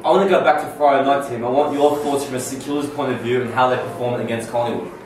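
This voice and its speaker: A man's voice: medium pitch, fast talker. A young man co-hosting a casual sports chat, opinionated and talking in long run-on takes. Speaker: co-host. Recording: echoey room, distant mic, background noise.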